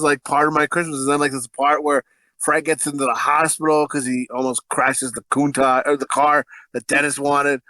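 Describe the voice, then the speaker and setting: A man's voice: fairly high pitch, pushed and bright, no echo. A man co-hosting a podcast, talking in a crude, rambling way and laughing often. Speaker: podcast co-host. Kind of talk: casual podcast chat.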